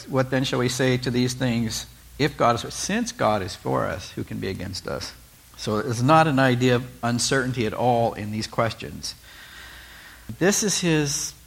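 A male pastor giving a conversational sermon, asking the listeners questions and changing his tone often. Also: medium pitch. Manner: conversational, animated preaching with rhetorical questions.

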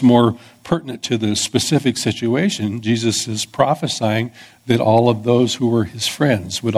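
A husky-voiced pastor teaching through a sermon at an ordinary pitch for a man. He explains things conversationally and now and then restarts a phrase as he goes along. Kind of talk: expository sermon.

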